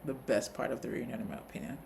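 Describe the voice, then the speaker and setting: A man co-hosting a casual TV review chat, retelling scenes with quick asides. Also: medium pitch, animated, creaky, background noise. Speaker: co-host of a TV review channel.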